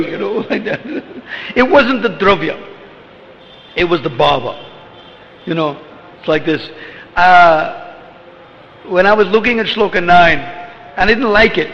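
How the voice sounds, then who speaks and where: A man's voice: sits high, a bit bright. A man giving an informal religious talk as a spiritual teacher, rambling and conversational, with lots of "you know" and chuckles. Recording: echoey hall, dull lo-fi with faint noise.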